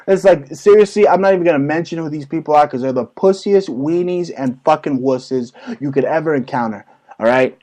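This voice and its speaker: A man's voice: fairly high pitch, normal speed, a little mellow, low-quality recording. A man hosting his own talk show, ranting crudely and mockingly about politics with heavy swearing. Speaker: show host. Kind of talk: profane political rant.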